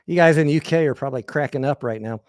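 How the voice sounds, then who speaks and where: Hosting a livestream, an American man with a slightly high voice tells crude, rambling personal anecdotes, candid and casual, restarting often. The recording is dry with clean studio sound.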